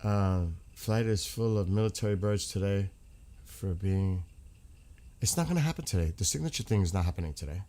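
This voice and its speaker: Male streamer, low pitch, loose rambling chat with viewers, blunt and profane. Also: normal speed, dark tone. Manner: rambling, frank, swears freely. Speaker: livestream host. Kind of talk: casual livestream chat.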